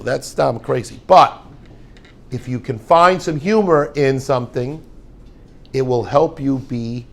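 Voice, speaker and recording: Gravelly rabbi telling a joking story. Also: male voice, fairly high pitch. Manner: rambling, joking storyteller with Yiddish words. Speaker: rabbi and yeshiva head. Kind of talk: informal yeshiva talk.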